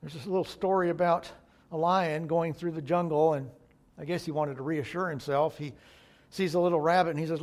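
A man's voice: on the high side, fairly even intonation, fairly quick. A male pastor preaching a sermon in an emphatic way, repeating key phrases for weight.

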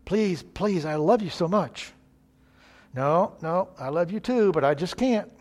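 A woman's voice: on the low side, lively intonation, a little slow, darkish tone. A man doing a nervous pleading teenage girl.

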